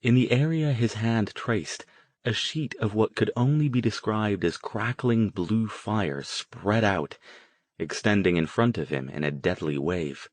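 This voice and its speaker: A man with a fairly low pitch reads scripted audiobook narration, telling the story in a calm, even, measured way. There's no echo on the recording.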